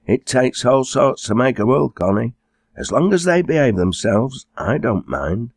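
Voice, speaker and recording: A man voicing a kindly, fussing middle-aged farmer's wife in an audiobook, in a somewhat raised, husky voice. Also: mid-range voice, very animated, measured pace, dry recording, studio quality, voice pushed up, exaggerated voice. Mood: motherly.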